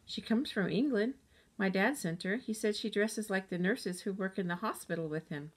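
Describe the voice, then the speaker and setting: A woman's voice: mid-range voice, moderate pace, lightly acted. A woman voicing a cheerful, playful young American girl in a read-aloud storybook, eager and joking.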